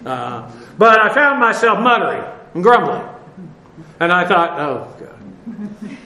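A man's voice: high voice, very animated, measured pace, sharp tone, roomy sound. A man preaching a verse-by-verse Bible lesson, talking conversationally with many fillers and repeats, spelling out Greek words. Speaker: pastor. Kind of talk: expository Bible teaching.

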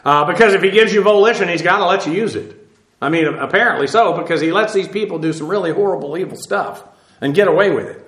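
A middle-aged man with a notably high voice, preaching and teaching through scripture in a plain, conversational way. He pauses often with fillers and restarts his phrases. His voice rings in an echoey room. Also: fairly bright tone. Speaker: pastor. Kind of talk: sermon.

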